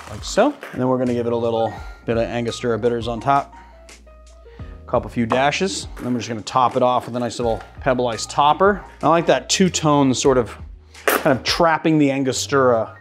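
A man from the Boston area hosting a cocktail show, chatty and rambling as he mixes and tastes drinks. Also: medium pitch. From Boston area, USA. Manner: chatty, rambling, animated asides. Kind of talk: casual cocktail-making demo.

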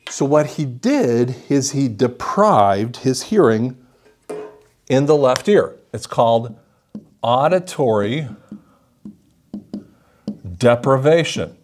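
A male audiologist explaining a patient case as a lively story, acting out what the patient said. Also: medium pitch, slow pace, long pauses, slight background noise. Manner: animated storytelling, acts out the patient's lines.

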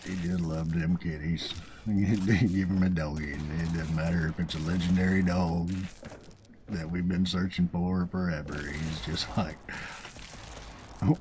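A man's voice: extremely low pitch, background noise. A man with a Southern US accent hosting a let's play, chatting casually and chuckling at his own jokes. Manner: chatty, folksy and self-amused, chuckling often. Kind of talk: casual gameplay commentary.

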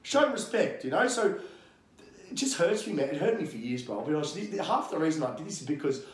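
A man's voice: on the high side, big pitch swings, fast talker, reverberant. An Australian man speaking as a guest coach in a casual podcast interview, talking bluntly with lots of swearing, ranting and getting fired up.

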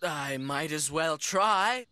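Lionel, a gentle fretful lion. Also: female voice, deep voice, lively intonation, slow pace. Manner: fretful and apologetic. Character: gentle young male lion, worried and apologetic. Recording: music playing under voice.

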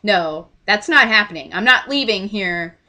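A young woman from Texas telling an excited story to her camera, gushing and acting out everyone's lines. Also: mid-range voice, moderate pace. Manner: gushing, breathless, acts out quoted voices. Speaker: vlogger.

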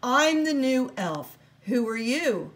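A woman doing a plucky little girl, high and pert. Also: very animated, slow, heavily acted. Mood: bold. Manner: indignant, complaining. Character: plucky young girl posing as an elf.

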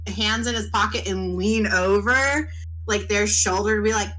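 A woman player in a tabletop game, giggly and animated as she describes her character. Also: medium pitch, moderate pace, low-quality recording. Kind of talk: tabletop role-play chat.

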